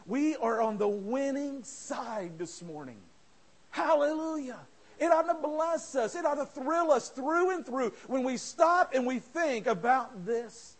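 Brief: fiery male pastor, high-pitched, shouts through the sermon. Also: lively intonation, a little slow, husky. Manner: impassioned, shouting, calls listeners friends. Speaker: preacher. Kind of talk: fervent sermon.

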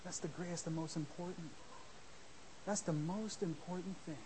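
High-voiced preacher swinging loud to soft. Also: male voice, steady tone, normal speed, background noise. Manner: swings from shouting to soft, mimics church members. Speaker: visiting preacher. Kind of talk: sermon. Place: church.

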